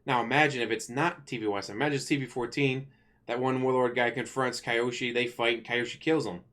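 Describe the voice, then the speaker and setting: A man ranting casually to camera as a channel host, rambling and correcting himself, blunt and quick to swear. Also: medium pitch, steady tone, fairly bright tone.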